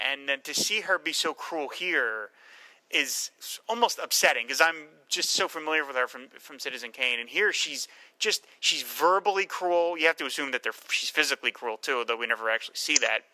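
A man talking films with a very bright, forceful tone, lively and quick to act out scenes in little quoted voices. The recording is dry and close, with no room sound. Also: medium pitch, dry recording, rough recording. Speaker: film discussion co-host. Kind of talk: casual film discussion.

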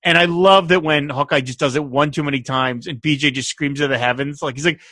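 A man co-hosting a casual chat, animated, laughing often and quoting lines. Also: fairly high pitch, fairly quick, dry recording, clean studio sound. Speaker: podcast co-host.

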